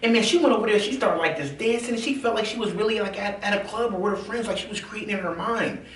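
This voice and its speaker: A man from the American South telling his own story in a casual, animated way, full of fillers and acted-out quotes. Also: high-pitched, quick pace, a little hiss or hum. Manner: animated, acts out quoted voices, many fillers. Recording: roomy, from a distance.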